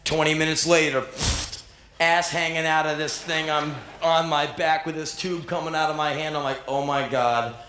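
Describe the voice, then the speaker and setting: A man in his thirties performing live spoken word, telling a story in an animated, profane, self-mocking way and acting out the voices of others. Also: fairly high pitch, normal speed, echoey room, slight background noise. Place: stage before a live audience.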